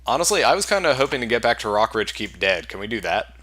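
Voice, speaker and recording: A man giving casual, deadpan commentary while playing a role-playing game. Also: mid-range voice, quick pace, a little hiss or hum. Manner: wry, deadpan asides. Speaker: game let's-play host.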